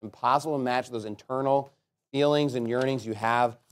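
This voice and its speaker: A man preaching a sermon, reading scripture aloud and breaking into animated commentary, rhetorical questions and chuckling asides. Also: mid-range voice, normal speed. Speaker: pastor.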